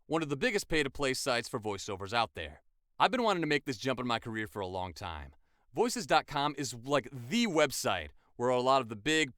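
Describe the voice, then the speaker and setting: Young male voice actor, chatty vlog delivery, smooth and lively, close dry mic. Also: mid-range voice, dry recording. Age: 20s. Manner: enthusiastic, chatty, with casual fillers. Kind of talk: casual vlog.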